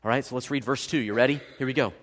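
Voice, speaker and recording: A man preaching a sermon as pastor, telling stories with big swings from loud, excited bursts to hushed, solemn passages. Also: medium pitch, rapid-fire. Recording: long hall reverb.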